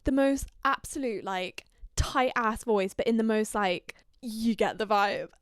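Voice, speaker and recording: A young woman from Scandinavia hosting a podcast, telling a story in an animated, gossipy way and swearing freely. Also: medium pitch, measured pace, clean tone, no echo, studio quality. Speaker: podcast host. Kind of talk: casual storytelling chat.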